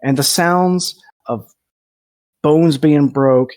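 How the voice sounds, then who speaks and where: A young man narrating as game master, lively and quick to laugh. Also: fairly high pitch.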